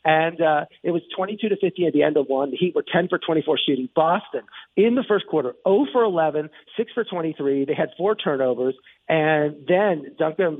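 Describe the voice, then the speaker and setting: A man hosting a sports talk show, recapping a game in a rambling, excited monologue full of restarts and asides. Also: fairly high pitch, creaky, breathy edge, no echo. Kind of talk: casual sports commentary monologue. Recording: tinny phone-like radio line.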